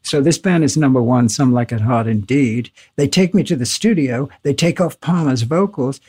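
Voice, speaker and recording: Husky older man telling wild stories. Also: mid-range voice, moderate pace. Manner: animated anecdotes, swearing and laughing. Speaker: guest. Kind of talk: casual interview storytelling.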